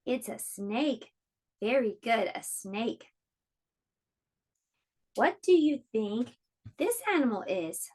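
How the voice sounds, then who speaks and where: A woman teaching an online preschool lesson, speaking slowly and encouragingly to small children. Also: on the high side, animated, a little mellow. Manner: slow, encouraging, clearly explaining to small children.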